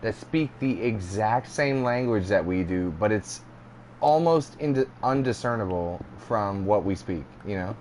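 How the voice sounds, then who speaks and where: A Californian man chatting on a podcast, rambling from one thought to the next and breaking into laughter. His voice sits on the low side, with faint noise behind it. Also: animated, measured pace, darkish tone. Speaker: podcast co-host. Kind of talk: casual banter.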